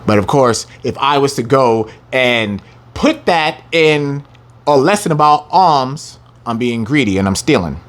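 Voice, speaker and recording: A man teaching a scripture lesson, reading the verses slowly with heavy emphasis and taunting his listeners in brash, profane language. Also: medium pitch, lively intonation.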